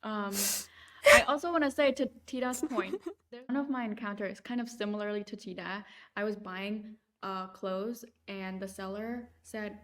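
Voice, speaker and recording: A woman's voice: mid-range voice, moderate pace. A young woman co-hosting a podcast, chatting casually and acting out the people in her stories. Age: young adult. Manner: animated storyteller acting out quoted people. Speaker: podcast co-host. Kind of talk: casual chat, storytelling.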